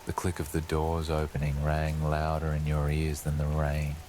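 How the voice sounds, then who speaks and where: A man narrating a scripted horror story for sleep, telling it slowly and ominously as a lurking presence speaking to the listener. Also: extremely low pitch, completely flat delivery, darkish tone, a little hiss or hum.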